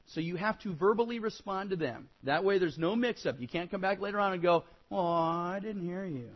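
A man teaching a children's Bible lesson, emphatic and repetitive in how he admonishes, and animated when he acts out whiny kid replies. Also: high voice, fairly quick, slightly rough, lo-fi sound.

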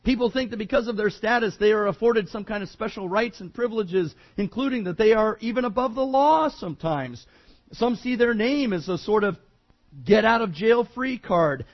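A man's voice: sits high, expressive, moderate pace, highs cut off. A male preacher giving a verse-by-verse sermon in an emphatic, conversational way, often repeating himself.

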